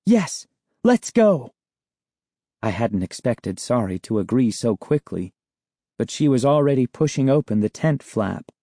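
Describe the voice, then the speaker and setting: A man narrating a chapter of a children's book in a measured storytelling way. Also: mid-range voice, warm tone, dry recording, studio quality. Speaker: audiobook narrator. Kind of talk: scripted narration.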